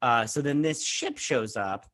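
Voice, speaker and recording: A man's voice: medium pitch, measured pace, a bit bright. A young man hosting a show, recapping and reviewing an episode in a rambling, snarky way, full of fillers and mocking quotes. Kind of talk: casual spoken recap and review.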